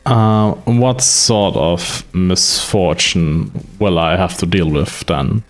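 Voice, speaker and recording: A man's voice: deep voice, slow, soft background music. A man chatting casually as a developer, wry and hesitant, with many fillers. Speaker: streamer and developer. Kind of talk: casual chat.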